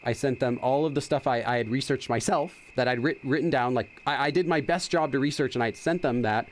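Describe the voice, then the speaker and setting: A man's voice: medium pitch, brisk, slight background noise. A middle-aged man hosting a casual game playthrough, chatty and explaining as he goes. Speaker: gaming channel host. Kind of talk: casual let's-play commentary.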